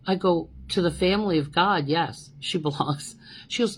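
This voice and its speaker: A middle-aged woman hosting a podcast, telling a personal story in a casual, animated way, often checking in with "okay?" and "you know". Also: low-pitched, normal speed, husky, poor audio. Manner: animated, repeats "okay?" and "you know", acts out quoted voices. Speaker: podcast host.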